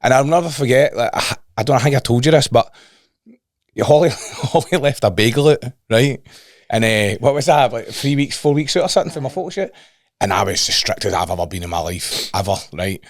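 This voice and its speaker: A man's voice: medium pitch, expressive, a little fast, no room sound, studio quality. A Scottish man co-hosting a casual fitness podcast, telling rambling stories, swearing and repeating himself. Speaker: fitness coach and podcast co-host. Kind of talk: casual chat.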